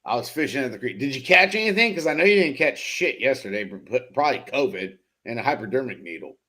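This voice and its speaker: Fast and sharp-toned, with a mid-range voice and lively intonation, a man hosts a BMX live show. He reads chat comments aloud, teasing chatters by name with loose, profane jokes and plenty of laughs.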